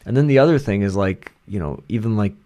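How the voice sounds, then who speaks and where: A man co-hosting a podcast, talking in a reflective, halting way with frequent restarts. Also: lowish voice, lively intonation, dark tone. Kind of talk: casual podcast chat.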